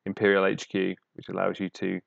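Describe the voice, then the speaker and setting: Gravelly man breaking down card stats. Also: low-pitched, completely flat delivery, no echo, muffled recording. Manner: laughing, quick analytical chatter. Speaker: podcast co-host. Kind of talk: casual card-game discussion.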